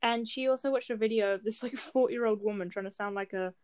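A woman's voice: a little high, fast talker, a little mellow, clean tone, dry recording. A teenage girl co-hosting a casual chat, telling stories and teasing while laughing often. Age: teens. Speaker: co-host.

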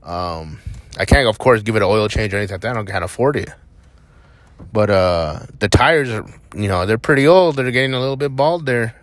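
A man's voice: on the low side, animated, fairly quick, no room sound. A young man from New Mexico hosting a podcast, rambling in a casual monologue from a parked vehicle, blunt, profane and defiant. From Albuquerque, New Mexico. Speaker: podcast host.

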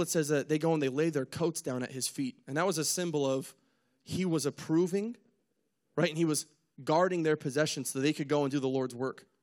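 Animated young man preaching casually. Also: a little high. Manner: animated storyteller, acts out characters, jokes at himself. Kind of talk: casual retelling sermon.

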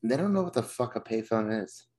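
A male podcast co-host with a very deep voice, talking in a relaxed, offhand way. He swears casually, leans on fillers and keeps the conversation moving. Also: a little fast. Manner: laid-back, swears, steers the topics. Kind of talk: casual chat.

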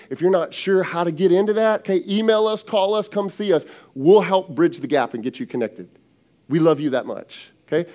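A man in his thirties, a lead pastor giving an energetic, direct sermon to his congregation. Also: fairly high pitch.

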